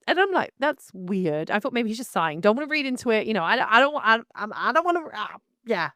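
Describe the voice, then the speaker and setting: A woman wedding photographer telling a story and ranting to camera in a lively, exclaiming way. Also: a little high, fast, no echo, clean studio sound. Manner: animated, exclaiming, laughs through the story. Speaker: wedding photographer, channel host. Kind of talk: casual storytelling and rant to camera.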